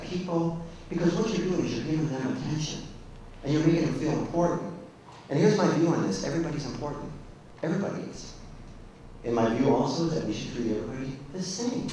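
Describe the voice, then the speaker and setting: A man's voice: a little high, warm tone. Male keynote speaker, folksy storyteller, distant mic, faint room noise. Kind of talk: keynote speech with anecdotes. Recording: echoey hall, distant mic.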